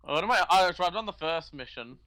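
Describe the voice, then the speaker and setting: A man's voice: a little high, expressive, fast, sharp tone. A young man who is a guest on a casual gaming podcast, joking and teasing.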